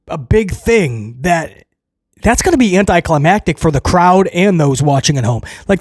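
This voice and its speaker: A man recapping a wrestling show in a casual, excitable way, rambling with restarts and chuckles. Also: high voice, dry recording, clean studio sound.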